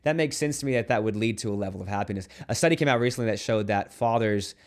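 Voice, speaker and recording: A man's voice: fairly low pitch, quick pace. A man who is a Catholic priest, giving an earnest, conversational video homily to camera with playful asides. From United States.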